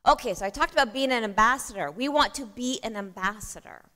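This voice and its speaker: This woman's voice sits on the high side, quick, pushed, and bright as she gives a conversational church conference talk. She often asks the audience questions, and the church hall adds long reverb.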